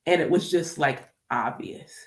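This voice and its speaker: Animated woman chatting in an echoey room. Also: deep voice, measured pace. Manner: animated, emphatic, repeats phrases, laughs easily. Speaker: spiritual vlogger and medium. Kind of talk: casual spiritual chat to camera.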